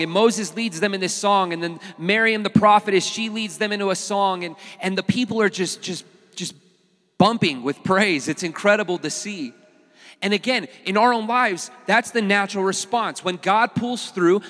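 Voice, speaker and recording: A pastor preaching a sermon in a casual, animated way, with touches of humor. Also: male voice, high voice, normal speed, big-room sound.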